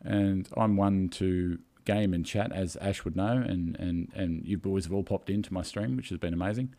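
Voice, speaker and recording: A man with a fairly low voice tells a story on a casual live podcast. He rambles along with fillers and is openly emotional. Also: moderate pace, mellow. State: tearful. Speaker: podcast co-host.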